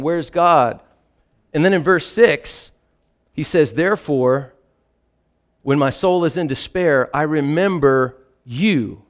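A man delivering a sermon in a slightly high voice. He reads scripture slowly with weighty pauses, then turns to plain explanation for his listeners. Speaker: preacher.

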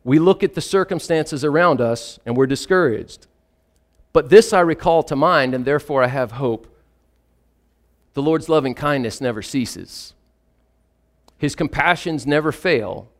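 A man delivering a sermon in a slightly high voice. He reads scripture slowly with weighty pauses, then turns to plain explanation for his listeners. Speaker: preacher.

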